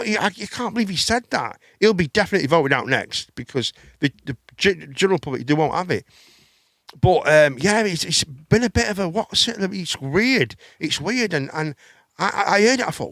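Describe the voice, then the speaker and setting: A man's voice: sits high, big pitch swings, normal speed, creaky, a bit bright, dry recording, clean studio sound. A middle-aged man hosting a live chat show, rambling with stammering restarts and casual swearing.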